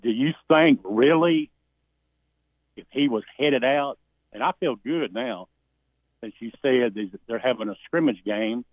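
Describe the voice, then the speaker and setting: A man's voice: mid-range voice, measured pace, no echo. A man calling in to a sports talk show, giving folksy, emphatic opinions. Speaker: caller. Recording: tinny phone line.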